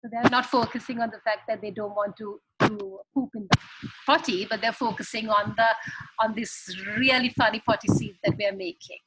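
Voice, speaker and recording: A woman's voice: a little high, fairly even intonation, moderate pace, heavy background noise. A woman giving earnest parenting advice on a video call, explaining with examples. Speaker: parenting guest expert.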